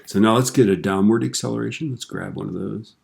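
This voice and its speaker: Low gravelly male teacher. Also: fast. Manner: relaxed, tells corny jokes, frequent tag questions. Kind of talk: screen-recorded software lesson.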